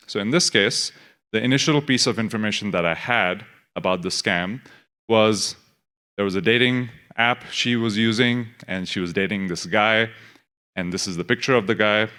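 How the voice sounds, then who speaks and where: Guy on a conference stage, kinda low voice, chatty storytelling, quotes people as he goes. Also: pushed and bright. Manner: conversational storytelling with quoted asides. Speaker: conference presenter. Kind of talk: live conference talk.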